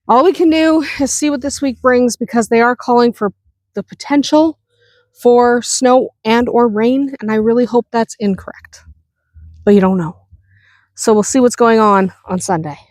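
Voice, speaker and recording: A homestead vlogger with a slightly high, darkish voice talks at a normal speed on a windy farm, with no echo. She chats casually through her vlog, laughing often and speaking to her animals.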